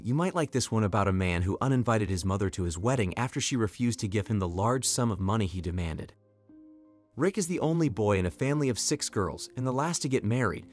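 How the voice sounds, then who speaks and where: Expressive male story narrator. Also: fairly low pitch.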